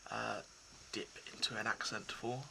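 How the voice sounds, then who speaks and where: A man talking casually and reflectively to his viewers, soft and hesitant, with many pauses and restarts. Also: on the low side, level tone, gravelly, slight background noise, low-quality recording. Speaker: poetry reader.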